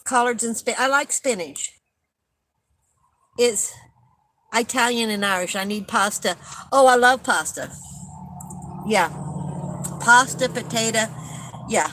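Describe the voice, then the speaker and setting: A woman's voice: a little high, slow pace, long pauses, a bit bright, rough recording. An older woman hosting a casual live-stream chat, rambling and chatty, laughing at her own stories and coughing often.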